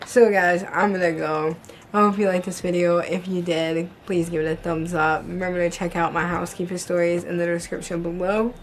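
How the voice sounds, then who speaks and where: A woman's voice: fairly low pitch, slight background noise. A young woman vlogging to camera, telling work stories bluntly, with heavy swearing and constant "like". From United States. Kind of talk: casual storytelling to camera.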